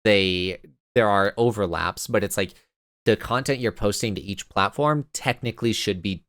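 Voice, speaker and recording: Tired podcast guy rambling on, kinda low pitched, dry mic. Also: normal speed, a bit bright, dry recording. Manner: rambling, filler-heavy, a little tired. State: tired, yawning. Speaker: podcast co-host. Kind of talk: casual podcast chat.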